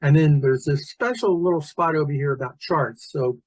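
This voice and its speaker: Man giving a relaxed software tutorial. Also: on the high side, normal speed, no room sound, rough recording. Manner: relaxed, thinking aloud with fillers and restarts. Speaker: teacher trainer. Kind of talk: screen-recorded software tutorial.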